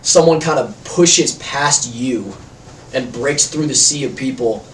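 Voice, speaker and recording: A man's voice: mid-range voice, measured pace, fairly bright tone. A man narrating a tabletop game as game master, rambling with many fillers. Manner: rambling, heavy use of "like" fillers. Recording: echoey room, distant mic, faint noise.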